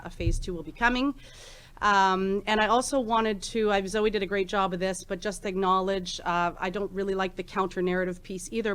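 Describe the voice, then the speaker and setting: A woman in her forties presenting research at a conference in a chatty, informal way, with many ums and restarts, on a microphone in a conference room. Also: lowish voice. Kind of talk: conference talk. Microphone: handheld microphone.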